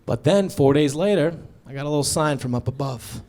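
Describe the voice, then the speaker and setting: A man in his thirties doing stand-up storytelling on stage, acting out dialogue and shouting his punchlines. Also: on the high side, brisk. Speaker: stand-up comedian. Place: stage before a live audience.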